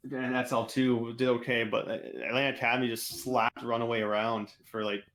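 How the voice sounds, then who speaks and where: Excitable young man rambling on a podcast. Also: medium pitch, moderate pace. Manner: excitable, rambling, heavy use of "like". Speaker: podcast co-host. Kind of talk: casual esports podcast chat.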